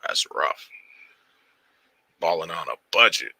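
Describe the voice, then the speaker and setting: A man hosting a casual livestream, shouting out viewers by name in loose street slang. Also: sits low, expressive, takes it slowly, creaky, no room sound. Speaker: livestream host. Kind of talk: casual livestream chat reading viewer comments.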